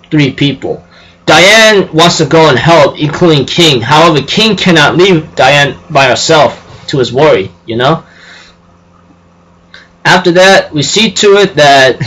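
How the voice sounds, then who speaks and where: A man's voice: on the high side, fairly bright tone, rough recording. A man casually recapping an anime episode, rambling with lots of fillers and repeated phrases. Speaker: anime reviewer.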